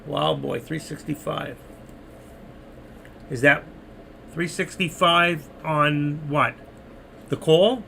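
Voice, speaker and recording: A man's voice: on the high side, takes it slowly, gravelly, long pauses, sharp tone, slight background noise. An older man with a New York accent, chatting through stock trades on a live stream and reading viewers' messages, losing his voice. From New York City. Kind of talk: live market commentary.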